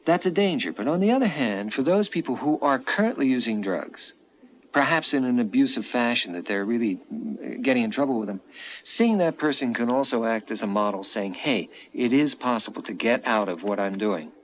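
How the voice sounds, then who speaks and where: A man's voice: mid-range voice, animated, normal speed, a little hiss or hum, poor audio. A man giving a thoughtful, hedging answer in a documentary interview. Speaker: interviewed expert.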